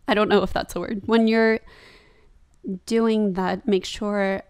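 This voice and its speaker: A woman's voice: mid-range voice, steady tone, takes it slowly, pauses often, smooth. A young woman talking casually over her own yoga practice as a vlogger, chatty and laughing at herself.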